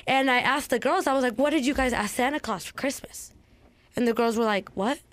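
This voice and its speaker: Young woman, higher pitch, laughing storyteller, dry close mic. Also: brisk, no echo. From Mexican family. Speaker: podcast co-host. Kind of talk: casual chat.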